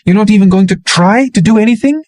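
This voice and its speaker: Desperate young woman in an audiobook, pitched high and pleading, read by a man. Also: fast, a little mellow, no room sound, studio quality. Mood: incredulous. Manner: pleading, voice breaking.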